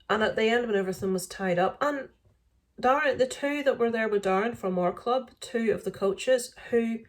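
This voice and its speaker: A woman's voice: mid-range voice, darkish tone. A middle-aged woman vlogger casually retelling an incident, indignant and full of fillers and restarts. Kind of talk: casual storytelling to camera.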